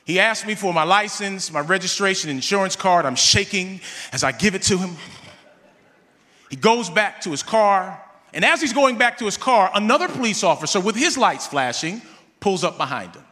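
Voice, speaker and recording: A man preaching a sermon, telling a personal story with animated delivery and calling on the congregation. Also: sits high, moderate pace, big-room sound.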